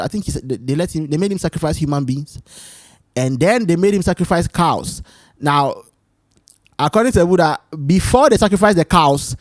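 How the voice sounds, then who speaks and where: A man hosting his own solo talk show, rambling and animated as he tells stories, often restarting his sentences. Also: fairly high pitch, no room sound, studio quality. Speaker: podcast host. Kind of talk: casual solo chat.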